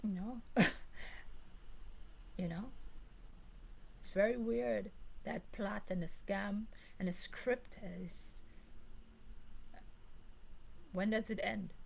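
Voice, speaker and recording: A woman speaks in a mid-pitched voice, ranting straight to her viewers. She leans hard on her points, repeats phrases and breaks into short laughs. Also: steady tone, slow, creaky, pauses often, darkish tone, a little hiss or hum, low-quality recording. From Grenada. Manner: emphatic, repetitive, with short laughs. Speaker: channel host. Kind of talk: ranting live monologue.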